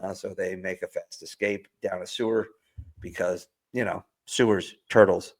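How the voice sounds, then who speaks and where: A man's voice: deep voice, steady tone, husky. A man co-hosting a podcast, casually recapping a movie plot with lots of filler words. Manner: rambling plot recap with filler words and quick put-on quotes. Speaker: podcast co-host. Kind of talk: casual movie review chat.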